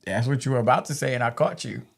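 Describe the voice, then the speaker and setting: Gravelly teasing live-stream co-host. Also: mid-range voice, expressive, fast talker. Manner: teasing, reads viewer comments aloud. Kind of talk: casual live-stream chat.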